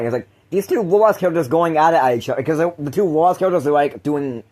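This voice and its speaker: A man's voice: fairly high pitch, lively intonation, rapid-fire, a little mellow. A man hosting a casual podcast chat, rambling with frequent laughs and restarted sentences. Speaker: podcast host.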